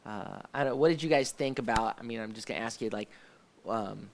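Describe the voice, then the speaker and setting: With a lowish, gravelly voice and a brisk pace, a man hosts a casual live faith discussion show. He stumbles through many fillers and restarts but sounds eager about the scenes he brings up.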